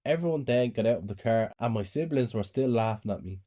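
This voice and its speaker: A man calmly narrating a scripted first-person horror story. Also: medium pitch, brisk.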